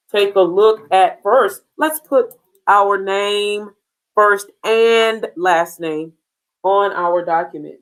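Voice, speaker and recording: A woman teacher giving an online phonics lesson, speaking patiently and sounding out each letter clearly. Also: mid-range voice. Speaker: reading intervention teacher.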